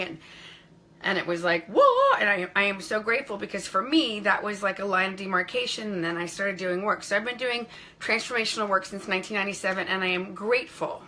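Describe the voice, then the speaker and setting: A woman's voice: mid-range voice, bright, forceful tone. A middle-aged woman speaking coach telling her personal story on a live stream, effusively greeting viewers by name as they join.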